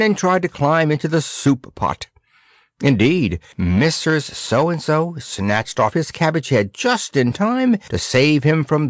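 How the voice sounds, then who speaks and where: An expressive man reads a children's storybook aloud, his mid-range voice rising and falling animatedly. The sound is close and dry, with no room echo. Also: medium pitch. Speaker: audiobook narrator. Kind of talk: storybook narration.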